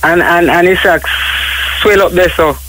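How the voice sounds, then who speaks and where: A man's voice: high voice, fairly even intonation, moderate pace, a bit bright, a little hiss or hum, rough recording. A man with a Jamaican accent calling in to a radio show, rambling and stammering in patois. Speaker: caller. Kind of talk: call-in radio talk.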